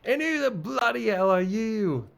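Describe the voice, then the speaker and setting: A man voicing a brash, foul-mouthed young woman thief with a loud, slangy, quarrelsome manner. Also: medium pitch, very animated, very slow, heavily acted. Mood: brash angry.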